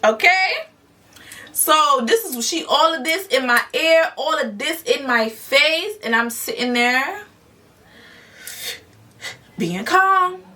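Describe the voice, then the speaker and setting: A woman telling a storytime vlog in a blunt, animated way, swearing often. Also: high-pitched, slow pace, recorded from a distance. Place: parked car.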